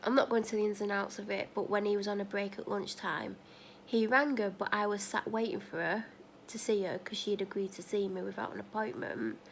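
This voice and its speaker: With a mid-range, fairly even voice, a vlogger talks fairly quickly over slight background noise. She rambles casually through run-on asides, retelling conversations and performing both sides.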